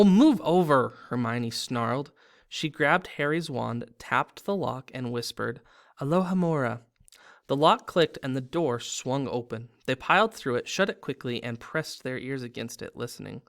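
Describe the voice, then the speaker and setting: A man's voice: mid-range voice, fairly bright tone. A man hosting a read-aloud video, reading a novel aloud with dramatic pacing.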